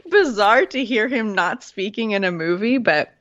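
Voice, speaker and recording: A woman's voice: fairly high pitch, animated, a bit bright. Bubbly Canadian woman on a dull line. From Manitoba, Canada. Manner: bubbly, laughs often, quick to digress. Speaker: podcast guest, clarity coach. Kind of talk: casual conversational interview.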